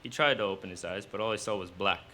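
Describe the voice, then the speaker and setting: A man reading his own fiction aloud at a live cafe event, in steady storytelling narration. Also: lowish voice, fast, a little hiss or hum.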